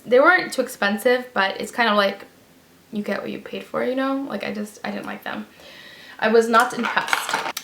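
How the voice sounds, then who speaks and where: With a medium-pitched, fairly bright voice, this woman chats her way through a product review as a beauty vlogger. Roomy echo surrounds her talk, which is full of filler words and emphatic repetition.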